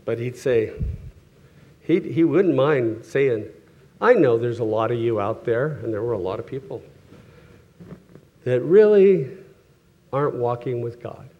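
A middle-aged man preaching a sermon in a loose, conversational way. He often restarts his sentences, laughs softly and acts out the people in his stories. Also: mid-range voice, normal speed, highs cut off. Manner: conversational, self-correcting, chuckles often, acts out quoted voices.

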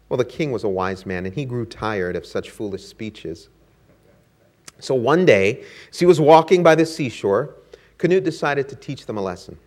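A man's voice: medium pitch, animated, moderate pace, darkish tone. Brief: male preacher, earnest sermon delivery, rhythmic and exhorting.

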